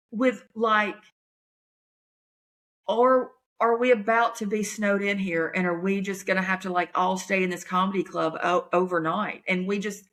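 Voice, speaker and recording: A woman comedian, talking in a chatty, folksy, animated way on her podcast. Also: mid-range voice. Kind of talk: casual chat.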